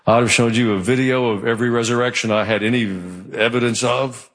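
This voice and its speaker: A male pastor preaching a sermon in a church, telling the story with animated delivery. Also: medium pitch, a little fast. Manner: animated storytelling, acting out quoted voices. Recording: long hall reverb.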